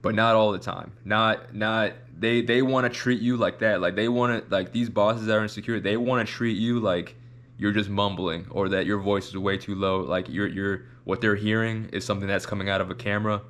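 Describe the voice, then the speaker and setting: A man's voice: on the low side, fairly even intonation, normal speed, fairly bright tone. A man hosting a reaction video, talking in a loose, rambling way and repeating himself as he makes his point. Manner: rambling, repeats words, demonstrates voices. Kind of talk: casual commentary.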